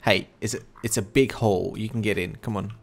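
A man's voice: on the low side, steady tone, brisk, creaky. A young man commentating his own gameplay, chatty and coaxing animals along, growing easily exasperated. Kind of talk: let's play commentary.

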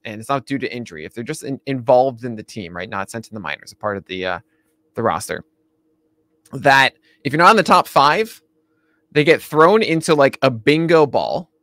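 A man co-hosting a casual baseball chat show, animated, laughing often and restarting his sentences. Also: mid-range voice, normal speed, no echo. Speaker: podcast co-host.

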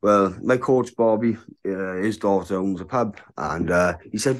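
A man's voice: on the low side, fairly quick. A man in his thirties, a bare-knuckle fighter, talking frankly in a casual interview and often asking "do you know what I mean?".

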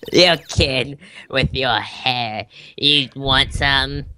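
A man voicing a gruff, husky older woman who is the wife of a crime boss, sneering and bossy, for a game playthrough. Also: medium pitch, huge pitch swings, extremely slow, bright, forceful tone, slight background noise, exaggerated voice. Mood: menacing.

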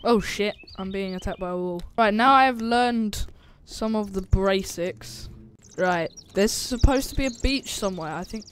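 A woman's voice: mid-range voice, normal speed, slight background noise. Jumpy, foul-mouthed woman gamer. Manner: jumpy, swears a lot, shrieks when startled. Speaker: gaming channel host. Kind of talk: let's play commentary.

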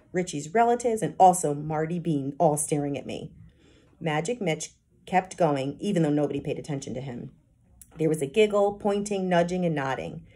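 A woman kindergarten teacher reading a children's chapter book aloud with expressive storytelling narration. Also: fairly low pitch, husky.

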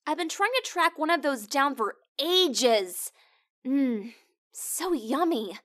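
A woman playing a caller in a comedy prank-call skit, bubbly and quick to get indignant. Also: sits high, animated, a bit bright. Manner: bubbly, then huffy and indignant.

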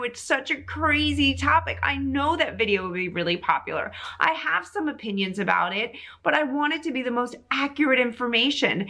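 Bright-voiced exasperated woman vlogger. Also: on the high side. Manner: emphatic, exasperated, repeats phrases for emphasis. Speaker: veterinary oncologist vlogger. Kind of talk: frustrated vlog monologue to camera.

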